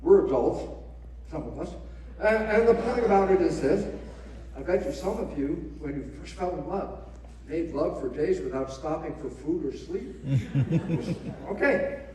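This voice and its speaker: A man giving a live lecture, animated, asking rhetorical questions and acting out quoted voices. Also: fairly high pitch, moderate pace. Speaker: speaker. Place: large hall before an audience. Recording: echoey hall, mic at a distance.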